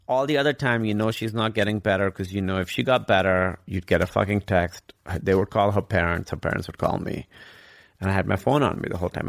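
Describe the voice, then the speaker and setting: A man's voice: fairly low pitch, creaky, no room sound, clean studio sound. A man candidly telling a personal story as a guest in a conversation, rambling and swearing casually.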